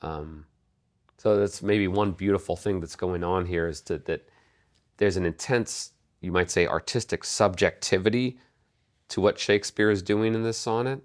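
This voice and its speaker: Deep voiced guy, careful halting talk about poems, lots of pauses. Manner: measured, halting, with many pauses and fillers. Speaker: podcast co-host. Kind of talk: casual literary discussion.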